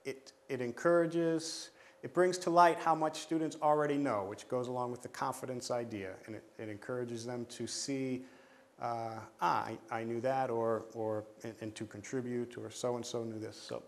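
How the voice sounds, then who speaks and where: A man's voice: mid-range voice, fairly even intonation, normal speed. A man training teachers, explaining pronunciation rules step by step in a methodical way, with frequent fillers and restarts. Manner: methodical, repeats steps, many fillers and restarts.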